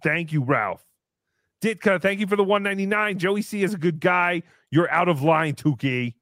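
A man's voice: high voice, animated, normal speed, a bit bright, dry recording, clean studio sound. A man voicing a brash, boastful comic character who talks about himself in the third person while hosting a livestream. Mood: mocking. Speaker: show host character. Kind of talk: livestream comedy banter.

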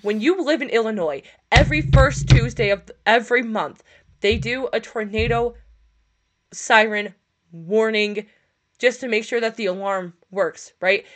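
A woman's voice: a little high, unhurried. A young woman from upstate New York, co-hosting a casual podcast over voice chat and telling rambling, profane stories with laughs. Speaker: podcast co-host. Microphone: push-to-talk voice chat.

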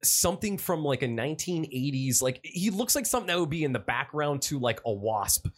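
Animated, foul-mouthed man recapping a movie. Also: on the high side, fairly quick. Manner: profane, rambling, animated storytelling. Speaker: podcast co-host. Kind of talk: casual movie-recap chat.

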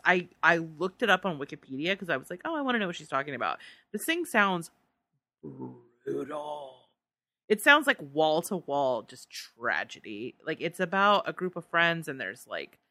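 A woman's voice: low-pitched, sharp tone, dry recording. A woman co-hosting a podcast in casual chat, reading listener answers aloud and laughing often. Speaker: podcast co-host.

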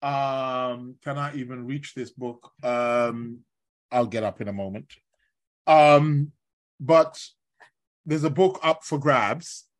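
A man hosting an astrology show live from his bed while ill with covid, rambling and chatty with lots of fillers and shout-outs to listeners. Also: mid-range voice, slow pace. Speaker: astrology podcast host. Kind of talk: casual live-stream talk.

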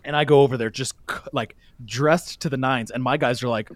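A man casually telling a long, animated story as a guest, laughing often as he goes. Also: mid-range voice, a little fast.

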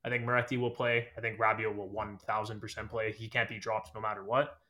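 A man's voice: on the low side, flat delivery, fairly quick, pushed and bright. A man chatting casually as a podcast guest, hedging often with fillers and "I think". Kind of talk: casual chat.

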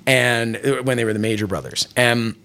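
Gravelly, bright-voiced man telling stories. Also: medium pitch, moderate pace. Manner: rambling, many restarts and fillers, animated retelling. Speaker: wrestling interviewer and programming director. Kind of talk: casual interview storytelling.

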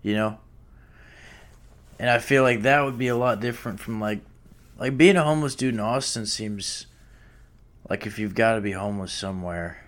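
A man's voice: lowish voice, normal speed, long pauses. A man in casual conversation, laid-back and hedging his points with frequent fillers.

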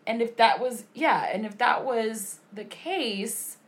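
A woman chimes in on a casual podcast. She reacts to her co-host with quick interjections and outraged comments. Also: fairly high pitch.

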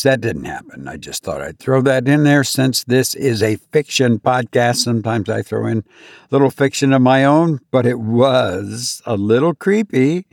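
Male podcast host, unhurried and halting, repeats himself as he tells a story, dead-dry mic. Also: mid-range voice, no room sound. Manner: halting, repeats words, rises when acting out panic. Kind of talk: personal story told to listeners.

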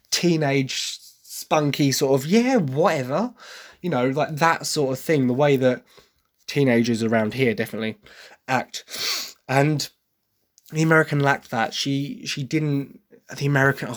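An Englishman talks at length about a musical he loves. He rambles, restarts his sentences and keeps adding apologetic asides. His voice sits in a plain middle pitch. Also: moderate pace. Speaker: podcast host reviewing a musical. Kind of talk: casual opinion monologue.

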